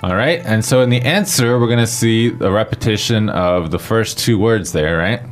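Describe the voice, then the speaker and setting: A man co-hosting a podcast lesson, explaining word by word in a relaxed way. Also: fairly low pitch, moderate pace. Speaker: podcast co-host.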